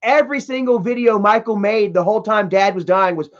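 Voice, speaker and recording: A man with a high voice rants on a livestream from home, heated and profane as he reads out chat messages. The sound is dull and lo-fi, like typical stream audio. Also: fairly even intonation, fairly quick. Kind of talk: casual livestream rant.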